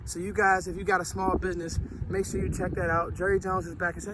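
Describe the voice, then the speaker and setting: A man talking casually about football on his vlog, out of breath and sweaty after a workout, animated and full of slangy restarts. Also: sits high, quick pace, noisy background. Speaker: sports vlogger.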